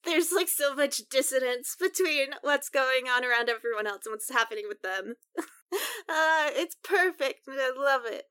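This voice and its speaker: A young woman playing a tabletop game, chatting in a giggly, excitable way. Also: high-pitched, normal speed, clean tone, dry recording. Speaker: player. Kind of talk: casual game chat.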